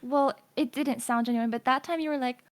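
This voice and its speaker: High-voiced young woman, chatty and teasing. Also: fairly even intonation, fairly quick. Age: young adult. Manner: imaginative, rambling, teasing, laughs often. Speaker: streamer. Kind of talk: casual chat.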